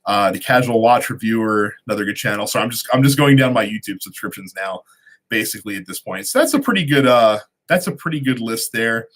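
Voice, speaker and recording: A man hosting a relaxed live-stream Q&A, reading out viewer questions and answering them conversationally with frequent ums and restarts. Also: fairly low pitch, fairly quick. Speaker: host of a watch channel.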